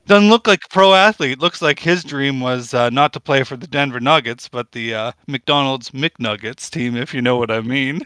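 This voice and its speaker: A man's voice: mid-range voice, fairly quick, hardly any pauses, bright, forceful tone, clean tone, dry recording. A man performing a mock stand-up routine on a podcast, delivering corny punchlines after rambling setups.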